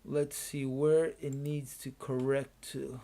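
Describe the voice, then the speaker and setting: Slow, unhurried man muttering to himself. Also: mid-range voice, flat delivery, warm tone. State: sleepy, yawning. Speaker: day trader streaming a live trading room. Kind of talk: casual thinking aloud while trading.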